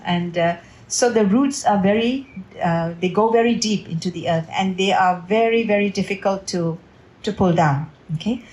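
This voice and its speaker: A woman's voice: medium pitch, normal speed, darkish tone. A woman giving a devotional storytelling talk at a family home, often checking in with her listeners. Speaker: devotional speaker. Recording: roomy echo in a home.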